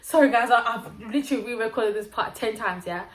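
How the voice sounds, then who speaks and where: A woman's voice: on the high side, quick pace. Slangy young woman. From Zimbabwe. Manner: animated, slangy storytelling with acted-out quotes. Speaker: vlogger. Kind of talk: casual storytime vlog. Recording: roomy echo.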